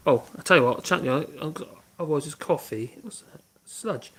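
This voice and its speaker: A man's voice: fairly high pitch, expressive, brisk, noisy background. Rambling man humming while working. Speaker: woodworking livestream host. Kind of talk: casual livestream chat while working.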